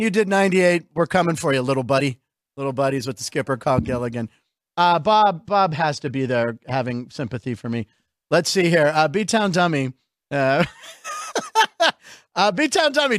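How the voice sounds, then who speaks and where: High-voiced joking male show host. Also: fairly bright tone, no echo, clean studio sound. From Pittsburgh. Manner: joking, rambling, quick asides to the chat. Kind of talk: casual comedic radio chat.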